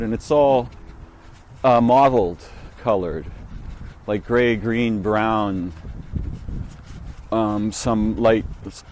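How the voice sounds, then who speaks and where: A man telling a reflective, meandering story on a walk-and-talk vlog, halting and restarting as he muses. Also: lowish voice, darkish tone, slight background noise. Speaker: vlogger. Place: outdoors, walking.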